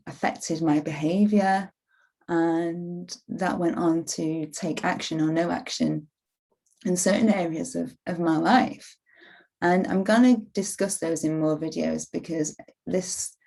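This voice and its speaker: Gravelly low-voiced woman in her forties. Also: dark tone. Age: 40s. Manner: rambling, with frequent "you know" and restarts. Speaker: self-help vlogger. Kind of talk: reflective motivational talk to camera.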